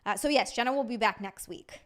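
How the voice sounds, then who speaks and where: A young adult woman hosting a casual chat show, chatty and quick to laugh as she reads out viewer messages. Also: a little high. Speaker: host.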